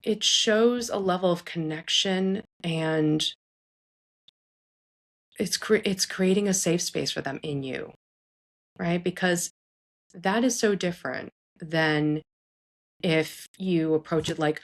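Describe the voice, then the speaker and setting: Earnest woman with a lowish voice. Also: takes it slowly, pauses often. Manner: earnest, conversational, frequent "like" and "right?"; acts out quoted speech in shifted voices. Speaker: psychologist host. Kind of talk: advice talk to parents.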